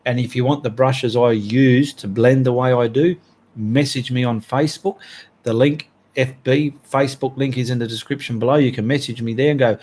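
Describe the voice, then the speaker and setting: An Australian man hosting a relaxed art livestream. He chats cheerfully with his viewers, reading their names and comments aloud and drawing out his thanks. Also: mid-range voice, normal speed.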